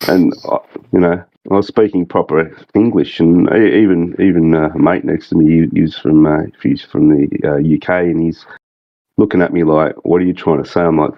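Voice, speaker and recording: Australian man, very deep voice, rambling laid-back podcast guest, dry slightly dull audio. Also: steady tone, normal speed, no room sound. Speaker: guest, game mod creative director. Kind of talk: casual podcast chat.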